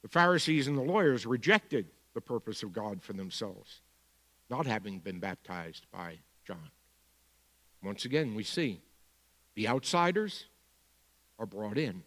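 A pastor with a Bronx accent preaching a sermon, moving between quiet asides and emphatic points. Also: male voice, on the low side, big pitch swings, unhurried, long pauses, long reverb tail.

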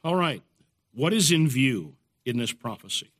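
A man giving a measured, explanatory Bible study lecture in the evening. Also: medium pitch, sing-song, fairly bright tone. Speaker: Bible teacher.

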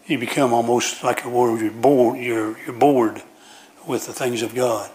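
Man preacher, homespun sermon delivery, repeats and restarts phrases, average pitch, church. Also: steady tone, moderate pace, a little mellow. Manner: folksy storytelling with frequent restarts and repetition.

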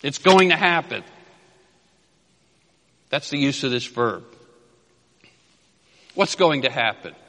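A man preaching an expository sermon, emphatic and repeating key phrases, dropping low at the ends of phrases and reading scripture slowly. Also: animated, gravelly, sharp tone. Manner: reads scripture slowly and deliberately. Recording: long hall reverb.

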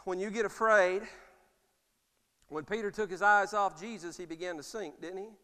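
A man's voice: high-pitched, moderate pace, pushed and bright, clean tone. A male pastor preaching a sermon. He calls out "Amen?" to the congregation and acts out the words of the people in his stories. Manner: preaching with call-and-response "Amen?" and acted-out quotes. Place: church sanctuary. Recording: long hall reverb.

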